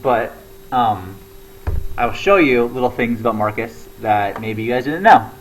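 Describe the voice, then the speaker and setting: A man's voice: medium pitch, expressive, unhurried, slight background noise, poor audio. A young man talking casually to camera, rambling with lots of fillers and restarts. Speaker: comedy show regular.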